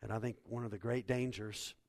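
A male pastor preaching a sermon to his church, swinging from hushed, low passages to loud, raised bursts. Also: steady tone, fairly quick, dry recording.

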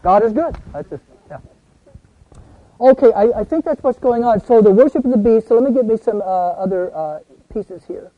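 An older man teaching a Bible class in a folksy way, asking the group questions and answering them himself, and reading scripture aloud slowly and with emphasis. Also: high voice, animated, no echo, phone-quality sound. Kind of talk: conversational Bible study teaching.

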